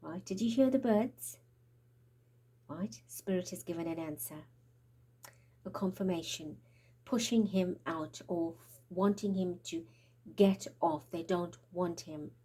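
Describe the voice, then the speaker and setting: Slow and full of long pauses, this woman's lowish voice is warm and a bit rough. Her spiritual tarot reading feels urgent and prophetic, with trembling, breathless delivery that sometimes drops to whispers.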